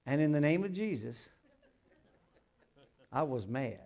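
Gravelly older preacher. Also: male voice, fairly high pitch, very animated, a little slow, long pauses. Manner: swings from hushed storytelling to loud emphatic outbursts, humorous asides. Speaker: pastor. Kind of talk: sermon.

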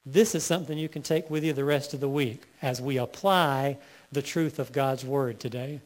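A male pastor preaching a sermon, reading scripture slowly and building to emphatic peaks. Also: mid-range voice.

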